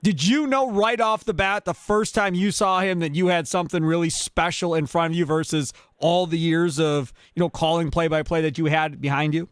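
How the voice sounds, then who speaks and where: A man's voice: a little high, fairly even intonation, moderate pace, few pauses, smooth, no room sound, clean studio sound. A male sports radio host interviewing a guest in a conversational way. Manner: conversational, leading questions.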